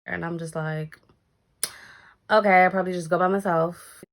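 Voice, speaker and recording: A woman's voice: fairly low pitch, moderate pace, long pauses. A young woman telling a casual storytime vlog, acting out the voices in her story and swearing freely. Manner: animated, acts out quoted lines, swears casually. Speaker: storytime vlogger.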